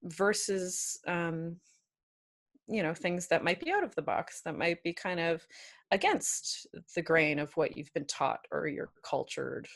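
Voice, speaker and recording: Low, gravelly woman kink educator. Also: animated, unhurried. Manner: thoughtful, hedging with fillers. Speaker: podcast guest, kink educator. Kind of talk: casual interview answer.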